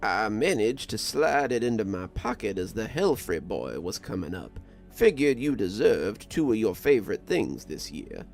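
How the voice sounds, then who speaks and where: A man voicing a kindly old mountain grandfather who spins folksy, unhurried yarns. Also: on the low side, sing-song, gravelly, a little mellow, faint music behind. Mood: fond. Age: older. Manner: folksy, unhurried yarn-spinning.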